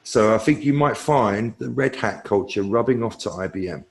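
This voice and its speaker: Male tech analyst guest, lower voice, loose conversational answers that think aloud. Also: normal speed, vocal fry. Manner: thinking aloud with fillers and restarts. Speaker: cloud technology analyst, guest.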